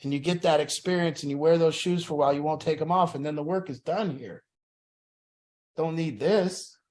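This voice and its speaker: A man's voice: on the high side, brisk, darkish tone. A man leading an addiction support group, talking in an earnest, plain-spoken way that repeats phrases for emphasis.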